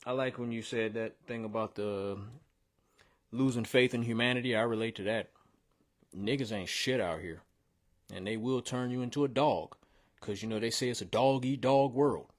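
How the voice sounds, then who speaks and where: A man hosting a show where he reviews submitted songs, giving blunt, slangy and animated feedback in casual talk. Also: medium pitch, normal speed. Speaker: host reviewing song submissions. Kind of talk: casual music critique.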